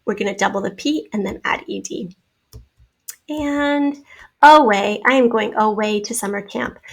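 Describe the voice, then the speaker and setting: A woman's voice: mid-range voice, unhurried, creaky. A woman teacher giving a spelling lesson to children, patiently sounding out syllables and explaining vowel sounds.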